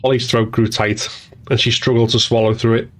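A man narrating an audiobook in an even, measured storytelling voice. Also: medium pitch.

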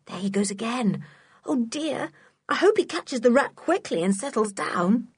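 A woman's voice: fairly high pitch, animated, measured pace, breathy edge, dry recording, clean studio sound, pitched above the performer's own voice, exaggerated voice. A woman reading a storybook, voicing a spirited, outspoken tomboy girl.

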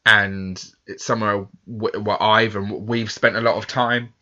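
A man's voice: lowish voice, little pitch movement, moderate pace, sharp tone, highs cut off. A man from England hosting a podcast, chatting casually and a bit self-deprecatingly, with lots of fillers. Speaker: podcast host. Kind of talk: casual chat.

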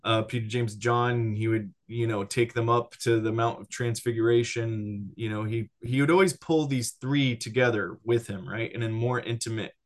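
A man who has a child, teaching casually about discipleship in an animated way, often restarting and checking in with "right?". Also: mid-range voice, moderate pace, few pauses. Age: adult with a child.

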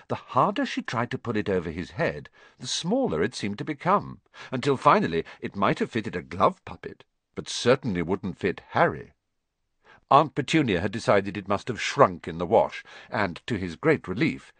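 A man reading a children's novel aloud as an expressive, measured audiobook narrator. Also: fairly low pitch, dry recording. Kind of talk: scripted storybook narration.

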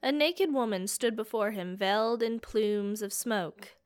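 A woman narrating a fantasy audiobook in a slow, measured, dramatic way. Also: on the high side, smooth.

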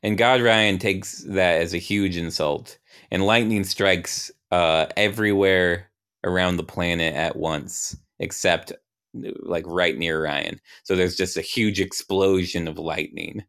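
Man, slow, halting, improvised game narration, very deep voice. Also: fairly even intonation, a bit bright, clear, resonant tone. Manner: halting, full of restarts. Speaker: player in an improvised role-play.

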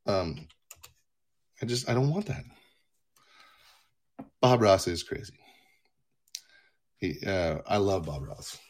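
Male streamer, low husky voice, rambling profane monologue from home. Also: lively intonation, slow, long pauses. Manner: rambling, profane, self-mocking. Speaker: livestream host.

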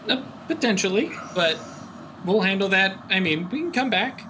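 A man narrating as game master in a relaxed, rambling way. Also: sits high, normal speed, background noise. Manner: relaxed, rambling, full of fillers.

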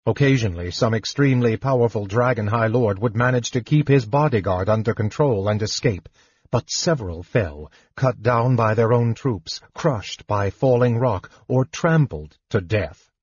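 A man reading a fantasy audiobook in a measured, dramatic narration. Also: medium pitch, a little mellow, husky, dry recording, muffled recording.

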